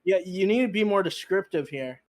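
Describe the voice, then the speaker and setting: A man's voice: sits high, animated, a little fast. A young man in casual stream chat, easygoing and teasing.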